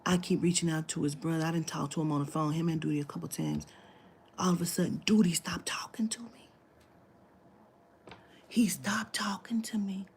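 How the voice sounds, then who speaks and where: A woman's voice: fairly low pitch, normal speed, pauses often, darkish tone, slightly rough. A woman telling a long story in casual talk, acting out the quoted dialogue, swearing freely and dropping into whispers. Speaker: spiritual reader telling a client story.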